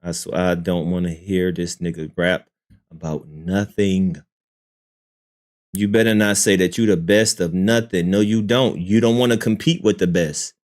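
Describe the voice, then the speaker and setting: A man hosting a live stream, reacting to a song with profane, exasperated commentary, repeating himself and swinging between loud outbursts and low muttering. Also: fairly even intonation, measured pace.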